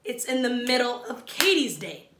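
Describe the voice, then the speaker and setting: A woman's voice: fairly high pitch, big pitch swings, normal speed, fairly bright tone, roomy sound. A woman giving a casual, opinionated recap of a reality show, chatty and sassy as she talks straight to her viewers.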